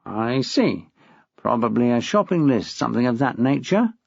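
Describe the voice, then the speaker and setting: Male reader does a smug, testy head teacher, husky and dry-sounding. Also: mid-range voice, sing-song, normal speed, no room sound, full character voice. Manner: smug, acid. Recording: dull dry lo-fi recording.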